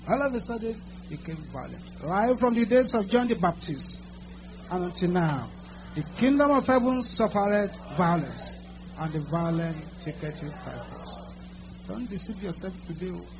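A male preacher leading a deliverance service, commanding the congregation and calling out prayers in a high, lively voice. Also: measured pace, noisy background. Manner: commanding, shouting and speaking in tongues.

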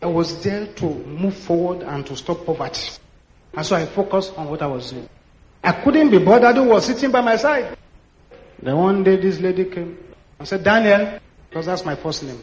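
A Nigerian man in his sixties, a pastor telling stories in an animated sermon and acting out the dialogue. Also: high voice, moderate pace, a little hiss or hum. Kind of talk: sermon storytelling. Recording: echoey hall, dull lo-fi sound.

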